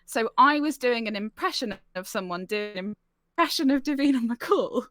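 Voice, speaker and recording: A woman from the chats through a long, self-mocking story, talking over an online call. Her voice sits a little high and she leans on fillers. The sound is dry and close, with no room echo. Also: animated, normal speed, fairly bright tone. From near Leicester, England. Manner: chatty and self-deprecating, many "like"s and fillers. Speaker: guest storyteller on a live-streamed chat show. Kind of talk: casual anecdote telling. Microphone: home microphone over an online call.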